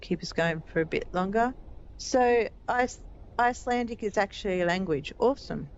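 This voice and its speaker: A woman's voice: medium pitch, a little fast, muffled recording, slight background noise. A woman live-streaming a game, chatting casually with viewers while she plays.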